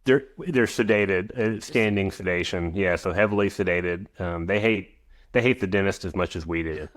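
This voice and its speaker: A man's voice: low voice, moderate pace. A man in his forties, an equine veterinarian and guest on a podcast interview, rambling with frequent restarts and asides.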